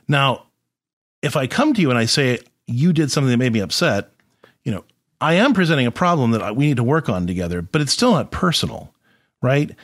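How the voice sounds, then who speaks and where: A man hosting an advice podcast, explaining in an animated, conversational way with frequent restarts and rhetorical questions. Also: medium pitch, fairly quick, dry recording, clean studio sound. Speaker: podcast host, therapist.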